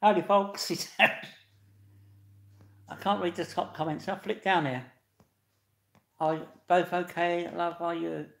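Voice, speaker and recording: A man's voice: high voice, flat delivery, measured pace, creaky, pauses often. Chatty man, echoey room. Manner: chatty, laughing, greets viewers loudly. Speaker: live stream host. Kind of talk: casual live-stream chat with viewers.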